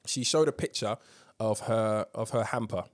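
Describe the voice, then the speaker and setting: A man's voice: lowish voice, normal speed. A man hosting a casual current-affairs podcast, telling a story emphatically with swearing and lots of ums. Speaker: podcast host.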